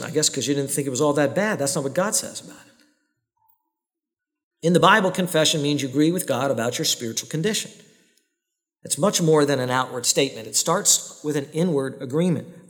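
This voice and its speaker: A pastor giving a sermon in earnest, direct tones. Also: male voice, a little high, fairly bright tone. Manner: earnest, direct preaching with voiced prayers and quoted excuses. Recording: long hall reverb.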